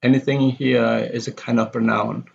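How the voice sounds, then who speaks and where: Gravelly-voiced male pronunciation lecturer. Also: medium pitch, little pitch movement. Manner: reads example sentences aloud, then explains slowly and plainly. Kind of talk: classroom lecture on word stress. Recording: dull, lo-fi with faint background noise.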